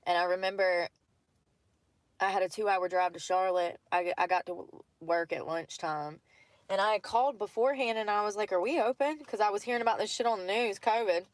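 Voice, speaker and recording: A woman's voice: medium pitch, steady tone, a little fast, no room sound. A woman talking in casual chat from a parked car at night, rambling, laughing often and swearing freely. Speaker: vlogger.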